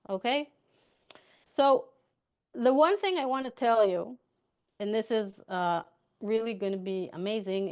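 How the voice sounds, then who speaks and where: A woman coaching her listeners on mindset in a relaxed, talkative way. She circles back to her points and keeps checking in with a quick "okay?". Her voice sits at an ordinary middle pitch for a woman. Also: clean tone. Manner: chatty, repeats points, asks "okay?" for agreement. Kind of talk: motivational coaching talk.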